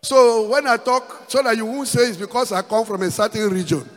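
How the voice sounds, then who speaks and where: A man's voice: very high-pitched, a little fast, slight background noise. A man with a Nigerian accent preaching a sermon as pastor, repeating words and dropping in asides like "praise the Lord". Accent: Nigerian English. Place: church hall. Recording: reverberant church hall with faint music.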